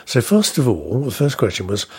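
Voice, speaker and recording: A man presenting a casual local radio show from the studio, chatty and self-deprecating, his voice a little rough at the moment. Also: mid-range voice, huge pitch swings, normal speed, darkish tone. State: slightly rough voice.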